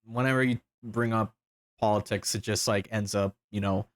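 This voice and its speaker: A man's voice: fairly low pitch, fairly even intonation, moderate pace, dry recording. A man chatting casually, rambling with fillers and repeats and cracking crude jokes. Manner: fillers, repeats, swearing, joking. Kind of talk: casual chat.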